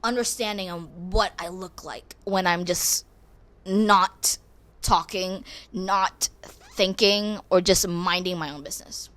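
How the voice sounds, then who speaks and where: A woman's voice: fairly low pitch, fairly even intonation, slow pace, fairly bright tone. A teenage girl talking casually and candidly to her viewers, rambling with restarts and growing exasperated as she rants. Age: teens. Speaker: vlogger. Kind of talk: casual confessional vlog.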